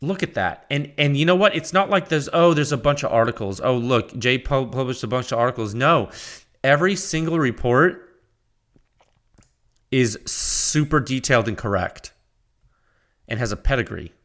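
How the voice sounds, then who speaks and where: Young guy hosting a podcast, rambly and sincere, medium pitch, lots of restarts. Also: expressive, moderate pace, a bit bright. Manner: rambling, heartfelt, with many restarts and fillers. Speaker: podcast host. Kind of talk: casual solo podcast talk.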